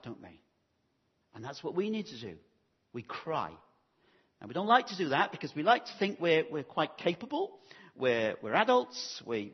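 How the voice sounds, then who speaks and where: A man preaching with a slightly husky, breathy voice that rises and falls a lot, pitched a little high for a man. He talks earnestly and pastorally, tossing in rhetorical questions to his listeners. The recording sounds muffled and lo-fi. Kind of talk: sermon.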